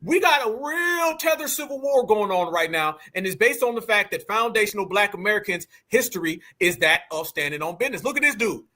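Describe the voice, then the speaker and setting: Very high, bright-voiced young man. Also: brisk, hardly any pauses. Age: young adult. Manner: animated, addresses listeners as fam. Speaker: online commentator. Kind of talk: fired-up social media commentary.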